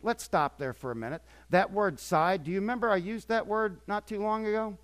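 An older man preaching a sermon as pastor, swinging between quiet asides and emphatic, repetitive points. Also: sits high, lively intonation, a little fast, few pauses.

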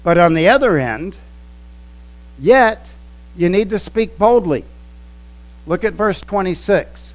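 Slow, emphatic preacher man. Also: high-pitched, animated, poor audio. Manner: slow, emphatic teaching with quoted scripture and word studies. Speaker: pastor. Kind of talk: sermon.

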